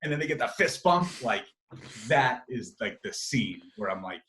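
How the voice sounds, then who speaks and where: A young man, a sports reporter, chatting as an interview guest, animated and full of fillers and restarts. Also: medium pitch, normal speed, poor audio. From Massachusetts. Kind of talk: casual interview chat.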